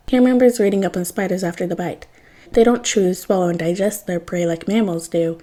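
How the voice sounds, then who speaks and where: A woman reads fan fiction aloud, narrating with a wry, expressive touch. Her voice is mellow and warm, with a middling pitch. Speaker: podfic reader.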